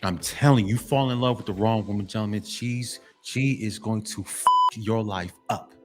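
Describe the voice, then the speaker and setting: A man's voice: lowish voice, normal speed, music in the background. A man giving a preachy, emphatic monologue to men, repeating himself and addressing them again and again. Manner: emphatic, repetitive, keeps saying gentlemen. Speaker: motivational vlogger.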